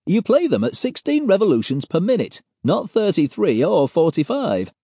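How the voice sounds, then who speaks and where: A man voicing an excitable geeky male colleague with breathless, wide-eyed enthusiasm. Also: extremely high pitch, slow pace, no room sound, clean studio sound, voice pushed up, exaggerated voice. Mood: excited.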